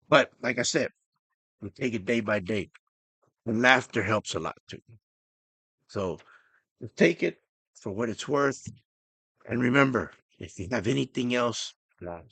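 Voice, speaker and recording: Man, middle-aged, podcast host, earnest, halting, lowish voice, dry close sound. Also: a bit bright, no echo. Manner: earnest, emotional, halting restarts. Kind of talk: personal podcast monologue.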